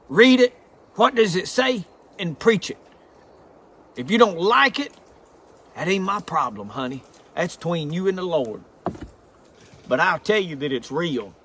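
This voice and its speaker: A man's voice: high voice, fairly bright tone. A man with a thick Southern drawl preaching a folksy, earnest sermon. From American South.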